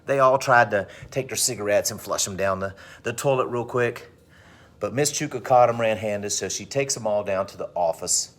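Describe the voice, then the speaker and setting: A male teacher telling a dramatic story to his class with animated delivery. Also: on the low side, normal speed. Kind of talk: storytelling in a lesson.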